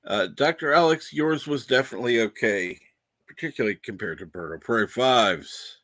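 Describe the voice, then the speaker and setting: Guy hosting a morning stream, reads chat, laughs a bunch, bright tone. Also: medium pitch, expressive, normal speed, dry recording. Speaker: livestream host. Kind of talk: casual livestream chat.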